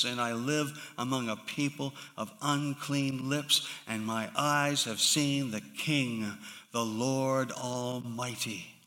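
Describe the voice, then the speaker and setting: A man preaching a sermon, slow and emphatic, with sudden drops to hushed tones. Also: on the high side, vocal fry. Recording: long hall reverb.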